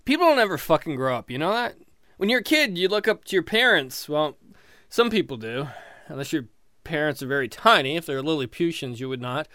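A man doing a stand-up comedy routine in a sardonic, animated way, with swearing punchlines. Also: on the high side, a little fast, dry recording, studio quality.

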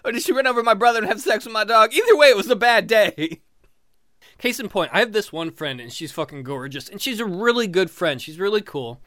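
A man performing a stand-up routine with animated, self-mocking storytelling. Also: high voice, brisk, no room sound, clean studio sound. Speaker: stand-up comedian.

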